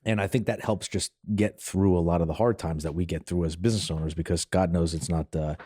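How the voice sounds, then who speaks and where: Low, warm-toned male host, reflective and steady, long-winded questions. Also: fairly quick. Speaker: podcast host. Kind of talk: conversational interview.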